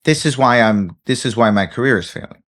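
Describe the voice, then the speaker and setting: A man's voice: medium pitch, brisk. A man, a comedian co-hosting a podcast, telling a story in casual chat and acting out the people in it. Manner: animated storytelling, acts out voices.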